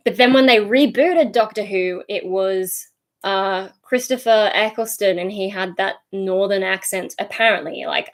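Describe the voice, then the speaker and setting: A young Australian woman chatting casually on a livestream, rambling and easily sidetracked as she reads and answers viewer comments. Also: mid-range voice.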